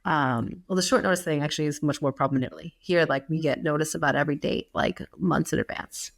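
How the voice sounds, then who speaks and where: An American woman in her thirties co-hosts a podcast, chatting casually with lots of fillers and frequent laughs. Her voice is low-pitched and gravelly, and she talks quickly.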